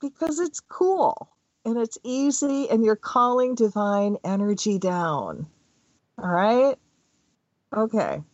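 A middle-aged woman telling personal stories in a casual spiritual talk, animated and often laughing as she speaks. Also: on the high side, takes it slowly, no echo, lo-fi sound. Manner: animated storytelling, laughs mid-sentence.

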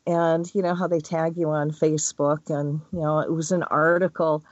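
Woman, spiritual energy healer, chatty and rambling, expressive, muffled lo-fi sound, dry. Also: low voice, normal speed, no room sound. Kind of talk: casual spiritual talk. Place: Hawaii. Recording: dull, dry recording.

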